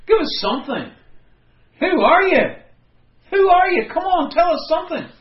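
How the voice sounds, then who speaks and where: A preacher putting on pushy, badgering questioners. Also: male voice, very high-pitched, sing-song, normal speed, echoey room, muffled recording, pitched above the performer's own voice. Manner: badgering, pleading. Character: impatient male questioners from the priests, pushy.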